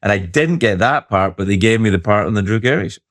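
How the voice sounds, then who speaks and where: Scottish man telling stories, low voice. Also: fast, dry recording. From Scotland. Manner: storytelling, lively and joking. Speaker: podcast host. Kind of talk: casual chat.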